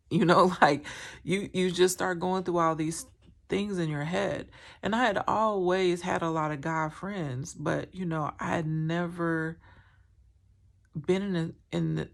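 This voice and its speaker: A woman's voice: on the low side, creaky. A woman telling a painful personal story to camera, candid and rambling, with many fillers and a strained, emotional tone. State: emotional, recounting trauma.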